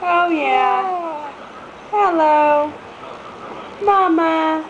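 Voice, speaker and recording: A woman's voice: high voice, lively intonation, measured pace, pauses often, lo-fi sound. A woman cooing in sing-song baby talk to her babies at bath time, filmed on a home camcorder. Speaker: mother filming her babies. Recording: noisy home camcorder audio.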